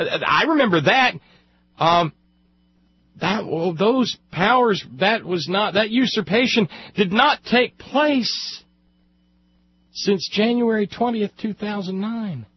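Husky, scornful male talk radio host. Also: high voice, dry recording, highs cut off. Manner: sarcastic, scornful, rambling with restarts. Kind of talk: angry political commentary.

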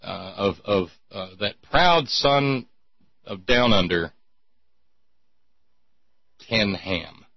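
A man's voice: fairly low pitch, lively intonation, drawn-out words, gravelly, long pauses, slightly rough, dry recording, highs cut off. A man hosting a talk show, chatting in a rambling, sardonic way with many restarts. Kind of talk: casual call-in show banter.

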